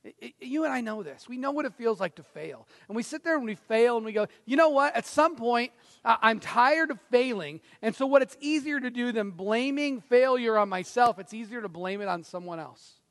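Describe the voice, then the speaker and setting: Pastor, male, high gravelly voice, dramatic sermon delivery in a reverberant hall. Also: animated, brisk, few pauses. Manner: dramatic, swings from loud to hushed, acts out quotes.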